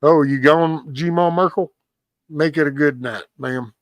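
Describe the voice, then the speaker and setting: A man's voice: a little high, a little slow, dry recording. A man, hosting a live stream and telling stories in casual chat, acting out quotes and swearing freely. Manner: animated storyteller, acts out quotes, swears freely.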